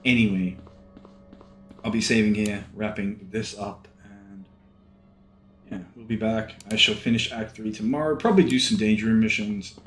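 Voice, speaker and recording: A man's voice: lowish voice, normal speed. A man who is sick and yawning, rambling casually while commenting on his gameplay. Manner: rambling, relaxed, many fillers. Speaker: let's play gamer. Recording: echoey room. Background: faint game music.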